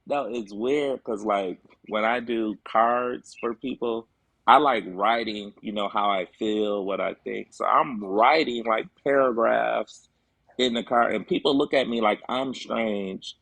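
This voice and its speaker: A man's voice: fairly low pitch, unhurried, creaky, fairly bright tone, no room sound. A man speaking as a guest on a talk show, earnest and emphatic, with frequent fillers. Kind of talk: casual chat.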